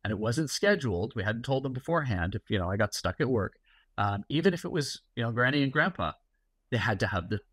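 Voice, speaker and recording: A man's voice: medium pitch, animated, quick pace, a bit bright, breathy edge, dry recording. A middle-aged man, a guest security executive, talking casually and explaining at length with many fillers and anecdotes. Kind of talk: casual interview talk.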